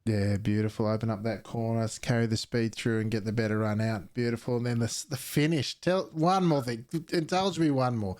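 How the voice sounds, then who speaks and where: Male race commentator, upbeat, mid pitch, dry booth sound. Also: steady tone, a little fast, few pauses, a little mellow, dry recording. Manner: upbeat, keeps saying "beautiful" and "mate". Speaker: sim racing commentator and interviewer. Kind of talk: post-race interview and commentary.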